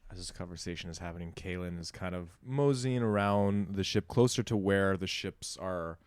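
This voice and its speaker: A man playing a tabletop role-playing game, describing a scene haltingly with many fillers. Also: low voice, clear, resonant tone, dry recording. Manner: hesitant, slow descriptive narration with fillers. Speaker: player.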